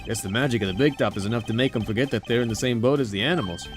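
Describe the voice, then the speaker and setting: A man's voice: mid-range voice, rapid-fire, faint music behind, lightly acted. A man voicing a brash, chummy male detective with a breezy, wisecracking delivery. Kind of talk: game dialogue read aloud.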